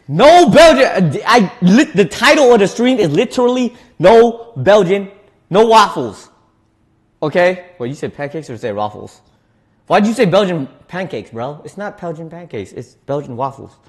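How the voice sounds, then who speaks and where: A man's voice: high-pitched, measured pace. Guy streaming while he cooks, bouncy voice that jumps all over, laughs a lot. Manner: loose, animated, laughs often, restarts words. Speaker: streamer reading chat. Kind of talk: casual cooking livestream chat.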